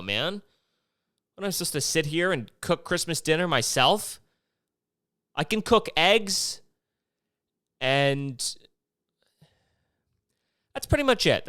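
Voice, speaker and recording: A man's voice: mid-range voice, a bit bright, clear, resonant tone, no room sound, clean studio sound. A man from Maryland hosting a casual solo podcast, rambling and profane and jumping between topics. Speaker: podcast host.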